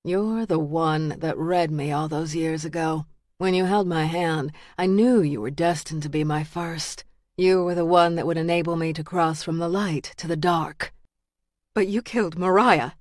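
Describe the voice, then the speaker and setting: A woman voicing a menacing male killer who speaks in a quiet, low, deliberate way. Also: no echo, clean studio sound, lightly acted. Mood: cold menace. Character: menacing male killer, cold and self-righteous.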